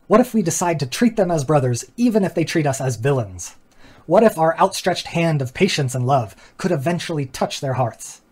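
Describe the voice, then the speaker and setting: A man's voice: a little high, a little mellow, slightly rough. Earnest man explaining ideas. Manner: earnest, reflective, builds rhetorical questions; casual asides with fillers and small laughs. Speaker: philosophy channel host. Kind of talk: explanatory talk walking through diagrams.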